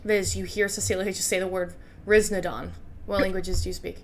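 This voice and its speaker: A woman's voice: mid-range voice, little pitch movement, a little fast, slight background noise. A woman running a tabletop game as game master, talking casually and laughing often.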